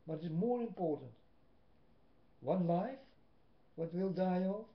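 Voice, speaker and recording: Man, Dutch accent, webcam sermon, slow and emphatic. Roomy, muffled webcam sound. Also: high voice, animated. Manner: slow, emphatic preaching with long pauses. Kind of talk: religious monologue to webcam. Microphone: built-in webcam mic. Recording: echoey room, dull lo-fi webcam audio.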